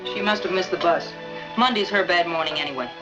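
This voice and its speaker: A woman's voice: on the low side, brisk, close to an everyday voice. An actress playing a sensible, wry wife and mother in a 1940s film. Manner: dry, wry, patient. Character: sensible wry housewife, adult. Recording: dull old film soundtrack with music.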